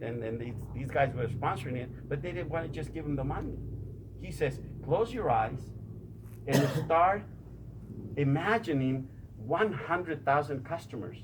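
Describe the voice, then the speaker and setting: A man's voice: medium pitch, background noise. A man giving a repetitive motivational talk to a group, often stammering as he restarts his sentences. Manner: repetitive, addresses listeners as "you guys". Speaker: motivational speaker.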